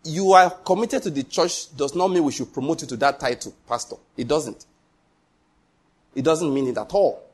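A man's voice: on the high side, moderate pace, husky. A man preaching a sermon as pastor, emphatic, full of repetition and rhetorical questions.

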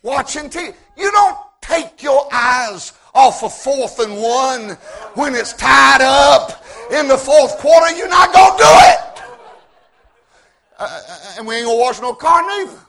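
Male preacher, very high and gravelly voice, slow, folksy humor, builds to shouts. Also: animated, slight background noise. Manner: folksy joking storytelling, rising to shouts; repeats words when starting sentences. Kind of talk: sermon.

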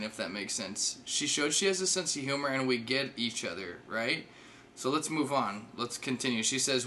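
Bright-voiced wry male comedian. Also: mid-range voice, animated, moderate pace, slight background noise. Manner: wry, chatty, addresses the audience as guys. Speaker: comedian and podcast host. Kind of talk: comic retelling of a chat to listeners.

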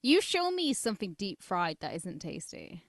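A woman's voice: on the low side, sing-song, moderate pace, dry recording, studio quality. A woman co-hosting a podcast, chatting bluntly and swearing freely. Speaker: podcast co-host. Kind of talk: casual chat.

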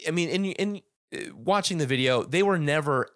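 A man's voice: fairly high pitch, animated, moderate pace, dry recording, studio quality. A man hosting a casual podcast about a music album, rambling with many restarts and fillers. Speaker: podcast host.

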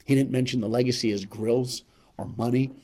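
A man as a podcast guest telling a motivational story, emphatic and repetitive, swinging between loud and hushed. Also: mid-range voice, fairly even intonation, brisk.

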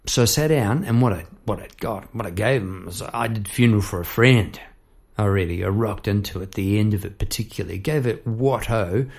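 Gravelly man telling a yarn. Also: fairly quick. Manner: animated, chirps bird noises and acts out people in high voices. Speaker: storyteller. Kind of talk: casual anecdotal storytelling.

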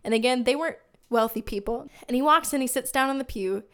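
A young woman speaks on her faith podcast with a slightly high voice. She tells stories in an earnest, heartfelt way. Her delivery stays casual and personal. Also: quick pace, fairly bright tone. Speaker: podcast host in ministry.

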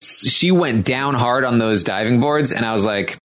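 A man co-hosting a casual podcast chat, rambling with frequent ums and restarts and slowing down to announce each competitor. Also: mid-range voice, fairly bright tone. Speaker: podcast co-host recapping episodes.

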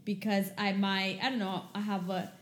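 A woman's voice: medium pitch, level tone, normal speed, reverberant. A woman co-hosting a podcast in casual chat, blunt and rambling, laughing often. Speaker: podcast co-host.

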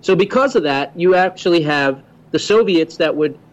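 A man who is a guest on a political talk radio show, explaining his views in a steady, confident way. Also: fairly high pitch, normal speed, lo-fi sound.

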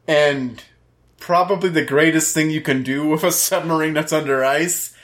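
A man co-hosting a casual podcast, excitable and tripping over repeated words. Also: fairly high pitch, moderate pace. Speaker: podcast co-host. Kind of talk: casual chat.

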